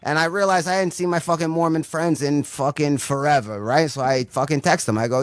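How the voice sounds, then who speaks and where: A man's voice: on the high side, brisk, few pauses, dry recording. A young adult man doing a rambling stand-up set full of swearing, checking in with "right?" over and over. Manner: rambling, swears constantly, says "right?" often. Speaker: stand-up comedian.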